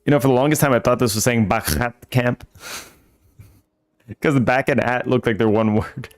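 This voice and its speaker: A man streaming a video game, giving casual, playful commentary and laughing often. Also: mid-range voice. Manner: joking, playful, quick to laugh. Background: faint game music.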